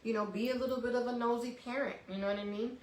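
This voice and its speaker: A woman's voice: fairly high pitch, steady tone, racing, roomy sound, far from the mic, poor audio. A woman co-hosting a casual talk show who speaks bluntly, swears freely and laughs often. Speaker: co-host. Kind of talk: casual chat.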